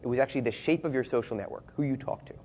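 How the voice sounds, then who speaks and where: A man with a slightly husky voice talks through his research as if presenting on stage. He speaks conversationally and keeps tossing rhetorical questions to the room. The audio sounds a little dull and lo-fi. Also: mid-range voice, rapid-fire. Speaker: researcher giving a talk. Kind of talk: conference-style presentation.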